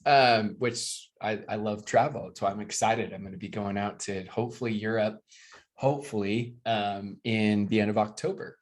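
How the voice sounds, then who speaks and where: A man from the United States giving an energetic, joking motivational sales training to a live video call audience, often asking his listeners questions. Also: on the low side, moderate pace. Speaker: network marketing trainer.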